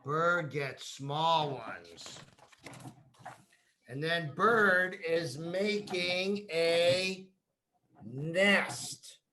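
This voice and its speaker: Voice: medium pitch, extremely slow, sharp tone. A teacher reading a picture book aloud to young children, drawing out words, repeating them and prompting the children to say them back.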